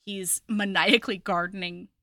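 A woman's voice: medium pitch, moderate pace, no echo, studio quality. A woman co-hosting a podcast, retelling a romance novel in casual chat and acting out the characters' lines. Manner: animated storyteller, acting out quotes. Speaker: podcast co-host. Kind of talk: casual book recap chat.

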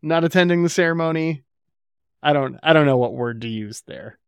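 A man's voice: fairly high pitch, fairly quick, clear, resonant tone, dry recording. A man co-hosting a podcast, recapping an episode in casual chat with wry, casual swearing. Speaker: podcast co-host.

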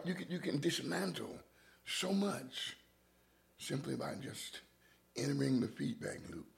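Deep gravelly man musing aloud. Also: a bit bright. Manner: musing, dips into whispers, with restarts. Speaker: podcast host. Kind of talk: reflective monologue.

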